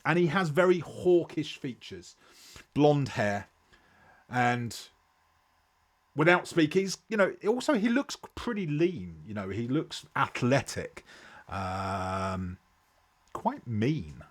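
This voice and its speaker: A man running a tabletop role-playing game as game master, narrating scenes in an unhurried way with many fillers. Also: medium pitch, big pitch swings.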